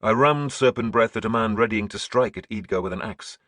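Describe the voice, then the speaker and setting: A man narrating an audiobook in a grim, measured storytelling manner. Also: fairly low pitch, fairly bright tone, dry recording.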